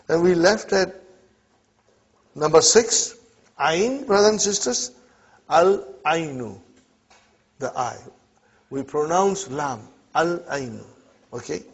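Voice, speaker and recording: A man leads a classroom lesson, drilling words slowly and pausing often to make sure his students are following. His voice is a bit husky and moves lively up and down. The recording sounds dull and lo-fi. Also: on the high side. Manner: checks in constantly with students. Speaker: Arabic teacher.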